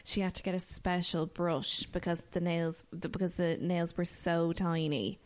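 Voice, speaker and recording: An Irish woman in her thirties, co-hosting a casual chat podcast and telling chatty stories with squeaky impressions of people. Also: steady tone, moderate pace. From Ireland. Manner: chatty storyteller, squeaky mimicking of others. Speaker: podcast co-host.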